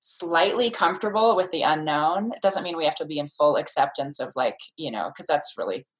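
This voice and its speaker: A woman's voice: deep voice, brisk, rough recording. A woman who is a childbirth educator, talking thoughtfully as an interview guest, explaining ideas with many fillers and restarts. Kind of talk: casual interview conversation.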